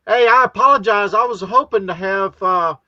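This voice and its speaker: A man hosting a casual live-stream chat, easygoing and quick to laugh at his own jokes. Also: sits high, bright, forceful tone, no echo, lo-fi sound. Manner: laughs often, joking and easygoing. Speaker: host of a live chat show.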